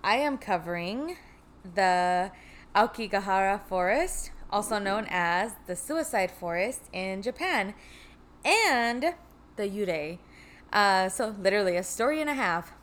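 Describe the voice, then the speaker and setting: Playful woman podcast co-host, lively pitch. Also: unhurried. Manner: playful, teasing banter. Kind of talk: casual chat.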